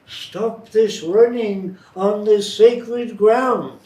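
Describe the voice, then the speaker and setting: A man imitating a stern old man on crutches, scolding slowly and loudly. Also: sits high, voice pushed up. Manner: slow, loud, scolding. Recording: roomy, distant, faint noise.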